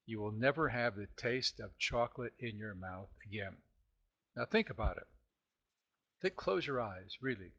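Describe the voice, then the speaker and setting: A man hosting his own self-help podcast, talking casually to listeners, often clearing his throat and asking rhetorical questions. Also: medium pitch, muffled recording.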